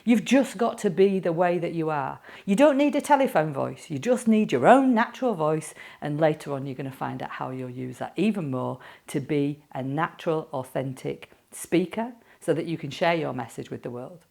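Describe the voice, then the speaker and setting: A woman's voice: deep voice, very animated, normal speed, gravelly, a little mellow. A woman with a Yorkshire accent, a speaking coach talking playfully and directly to camera. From Yorkshire, England.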